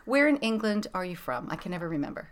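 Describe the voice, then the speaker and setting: A woman's voice: lowish voice, very animated, fast talker. A woman hosting a podcast, chatting casually and rambling with lots of fillers. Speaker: podcast host. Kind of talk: casual chat.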